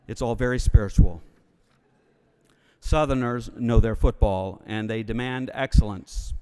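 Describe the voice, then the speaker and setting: A man's voice: medium pitch, moderate pace, a little mellow, clear, resonant tone. A man from Alabama with a Southern accent, giving a humorous sermon as a preacher in a church. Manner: wry, humorous storytelling. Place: church sanctuary. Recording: long reverb of a church hall.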